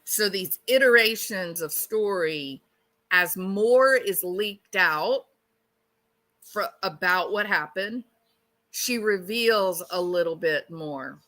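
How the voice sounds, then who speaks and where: A woman's voice: medium pitch, animated, takes it slowly, pushed and bright. A woman hosting a true-crime channel, speculating bluntly in a casual way and asking lots of rhetorical questions.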